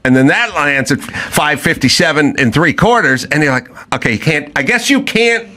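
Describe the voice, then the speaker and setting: A man hosting a podcast in casual chat, telling animated stories and acting out other people's lines. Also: fairly high pitch, moderate pace. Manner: fired up, emphatic. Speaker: podcast host.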